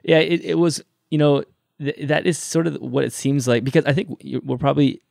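A man's voice: a little high, a little fast, creaky, dry recording, clean studio sound. A man hosting a podcast, chatting casually with a guest and often restarting his sentences. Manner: relaxed, conversational with frequent restarts. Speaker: podcast host. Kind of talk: casual interview chat.

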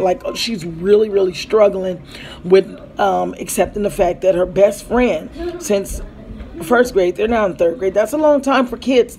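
A woman's voice: mid-range voice, a little mellow, low-quality recording. A woman in her thirties at home, telling a rambling story in a casual vlog and acting out the dialogue. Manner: rambling, acts out quoted dialogue, breaks off to call to her kids. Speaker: mother vlogging about family life. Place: at home with children around.

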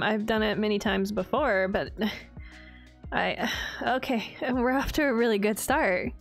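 A young woman chatting casually and sarcastically while playing a game, laughing often and mocking herself. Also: fairly high pitch. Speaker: gaming video creator. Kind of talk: casual gameplay commentary.

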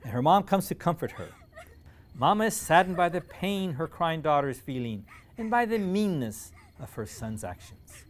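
A man reading a children's storybook aloud, animated, with dramatic pauses. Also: on the high side.

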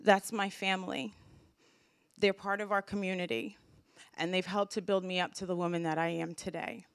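A young woman speaks to a community audience, grateful and emotional, often restarting her phrases. Her voice sits a little low for a woman and sounds dry and close. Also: fairly even intonation, normal speed, clear, resonant tone, no room sound. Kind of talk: heartfelt speech to an audience. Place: community event hall.

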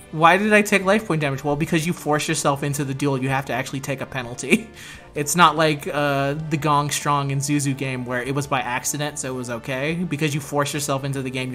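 A man with a fairly high voice hosts a casual gaming commentary, reading a card game story aloud and reacting as he goes. He laughs easily, jokes and swears freely, and faint music plays under his voice. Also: a bit bright. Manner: laughing, joking and swearing while reading along.

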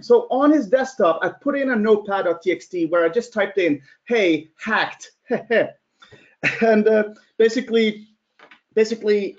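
A man telling a story in a conference talk, animated and acting out quotes. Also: high voice. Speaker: security presenter. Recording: dull lo-fi sound.

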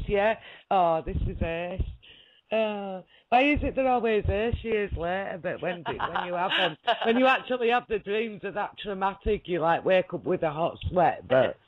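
A woman's voice: mid-range voice, measured pace. A woman, a guest rambling through a story in a casual chat, laughing often and checking that she is understood. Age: 40s. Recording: lo-fi audio.

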